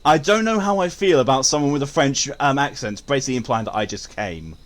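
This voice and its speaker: A man's voice: mid-range voice, lively intonation, fast. A young man streaming a game, joking crudely and reading out chat. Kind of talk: casual live-stream chat.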